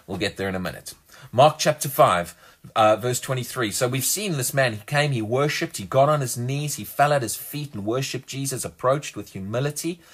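Male preacher, husky tone, mid pitch, emphatic sermon delivery with frequent restarts. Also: normal speed. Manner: earnest, emphatic, often repeats words while restarting.

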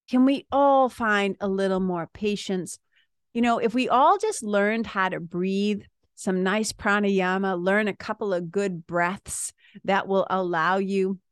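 A woman, a yoga and spiritual teacher talking casually, chatty and animated with frequent asides. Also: mid-range voice, no room sound, clean studio sound. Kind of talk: casual talk.

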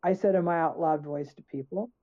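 A woman's voice: low voice, fairly quick, warm tone. Emphatic woman on a tinny phone-like line. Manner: emphatic, acts out her own questions. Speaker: guest author. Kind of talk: conversational storytelling.

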